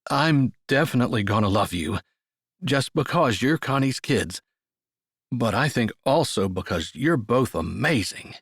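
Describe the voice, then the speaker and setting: A reclusive, scarred man from an audiobook romance, speaking gently and haltingly through grief, played by the male narrator close to his own voice. The tone is an ordinary mid-range male one. The recording is dry, with no room around it. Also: mid-range voice, animated, breathy edge, no echo. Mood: gentle, grieving. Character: grieving, gruff but gentle uncle.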